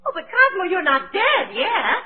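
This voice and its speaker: An actress playing a fussy, doting wife who gushes and sobs melodramatically, in 1940s radio comedy style. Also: female voice, very high-pitched, huge pitch swings, normal speed, full character voice. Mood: melodramatic weeping. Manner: melodramatic, gushing and sobbing. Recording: tinny old radio broadcast.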